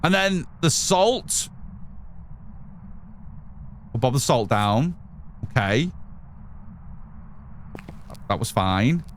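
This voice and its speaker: This streamer speaks extremely slowly, pausing often, his mid-range voice swinging widely in pitch over slight background noise. He chats while playing a game, talking to his viewers and to himself.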